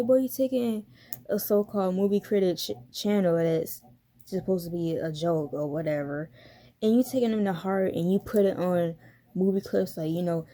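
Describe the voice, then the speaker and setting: A woman's voice: lowish voice, dark tone. Blunt, profane young woman ranting. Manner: blunt, profane, slangy ranting with frequent laughs. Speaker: YouTuber. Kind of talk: casual commentary vlog.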